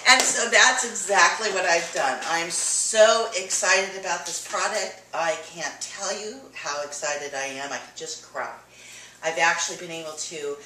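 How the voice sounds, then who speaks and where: Bright-voiced woman giving a testimony. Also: sits low, slight background noise. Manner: animated, laughing often, acts out quoted dialogue. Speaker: testimonial speaker. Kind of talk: personal testimony to an audience. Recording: echoey room, mic from far off.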